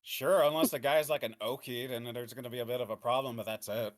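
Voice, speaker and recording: A man's voice: medium pitch, fairly even intonation, fast talker. A man playing a tabletop game, talking hesitantly with plenty of "uh"s and swearing when flustered. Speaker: player. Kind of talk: tabletop role-play banter.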